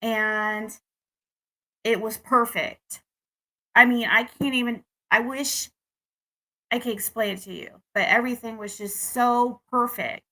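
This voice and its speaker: Bright-voiced woman venting about dating. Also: fairly high pitch, fairly even intonation, unhurried, long pauses. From United States. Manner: rambling, restarts, frustrated venting. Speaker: vlogger. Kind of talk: casual personal story to camera.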